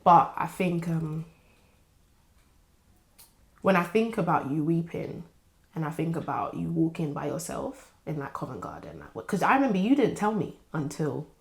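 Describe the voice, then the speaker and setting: Lower-voiced woman, supportive podcast co-host, earnest and affirming. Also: very animated, moderate pace, vocal fry. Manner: reassuring, earnest, frequent affirming murmurs. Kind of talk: supportive conversational chat.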